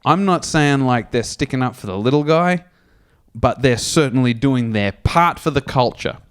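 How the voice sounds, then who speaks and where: A man's voice: mid-range voice, animated, normal speed, clear, resonant tone. A man, drunk, rambling through crude jokes and stories on a comedy podcast. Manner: rambling, laughing, acts out voices in stories. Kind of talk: casual crude banter and joke telling.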